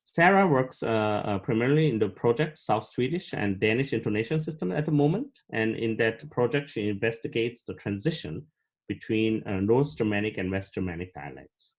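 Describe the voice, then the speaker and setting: A man's voice: lowish voice, animated, normal speed. A man hosting an academic colloquium, introducing the speaker formally with many hesitant fillers. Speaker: colloquium host.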